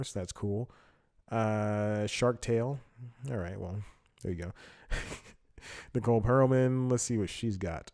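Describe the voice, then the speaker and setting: Chatty, laughing man with a low voice. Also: warm tone. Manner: chatty, laughs often, thinks aloud. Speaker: podcast host. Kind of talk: casual solo commentary.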